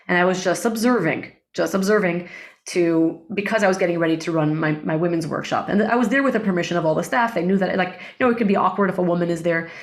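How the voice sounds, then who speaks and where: A middle-aged woman, a breathwork facilitator, telling personal stories in an emotional, animated way with many fillers. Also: on the low side. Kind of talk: casual interview storytelling.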